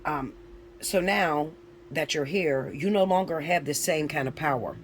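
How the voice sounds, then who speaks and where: Speaking a little slowly in a slightly high voice, a man gives an informal tarot reading over slight background noise. He chats loosely, swears occasionally, and checks in often with his listener by tagging lines with "all right?" and "okay?"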